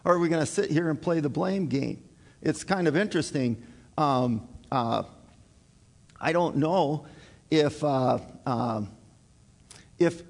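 Halting man preaching in a reverberant hall. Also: fairly high pitch, gravelly, a little mellow. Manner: folksy, halting with many fillers. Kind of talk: sermon.

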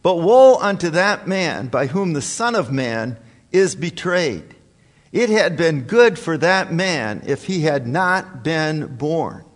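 A man preaching a sermon in a folksy, halting way, reading scripture and restarting his sentences often. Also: fairly high pitch, very animated. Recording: long hall reverb.

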